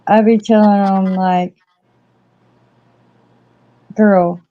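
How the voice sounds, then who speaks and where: A woman's voice: medium pitch, a little slow. A woman in casual chat, talking freely with many fillers, acted-out quotes and frequent laughs. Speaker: co-host. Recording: dull lo-fi audio.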